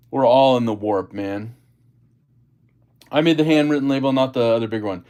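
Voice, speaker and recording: A man's voice: mid-range voice, normal speed, long pauses, mellow. A man hosting a casual livestream, chatting about gear and reading viewer comments aloud. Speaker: livestream host.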